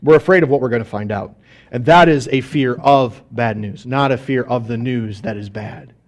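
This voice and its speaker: A man's voice: medium pitch, moderate pace. A man preaching a sermon in church, talking conversationally, asking the congregation questions and acting out little scenes in quoted voices. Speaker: pastor. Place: church sanctuary.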